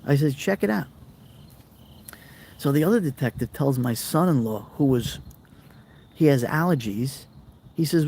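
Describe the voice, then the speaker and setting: A man's voice: medium pitch, lively intonation, measured pace, creaky, pauses often, darkish tone, slight background noise. A middle-aged man, hosting a casual live chat and telling rambling stories that act out the people he quotes while answering viewer comments. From New York. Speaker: live-stream host.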